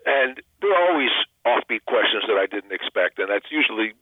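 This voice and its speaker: A man's voice: on the low side, animated, brisk, no echo. An older man, an actor and comedian, chatting in a phone interview, self-deprecating and full of restarts. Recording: tinny phone line.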